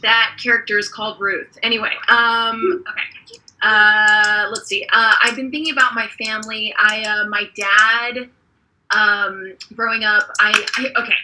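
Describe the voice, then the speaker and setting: A young woman in her twenties doing a deadpan stand-up set, hesitant and full of ums. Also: medium pitch, a little slow, a little hiss or hum, low-quality recording. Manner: awkward, hesitant, lots of ums. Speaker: stand-up comedian. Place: online comedy show.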